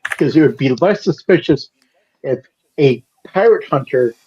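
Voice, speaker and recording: A man's voice: a little high, animated, a little slow, a little mellow, dull audio, slight background noise. A man playing in a tabletop game, thinking aloud and laying out plans in long winding sentences. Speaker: player. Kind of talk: casual play talk in a tabletop game.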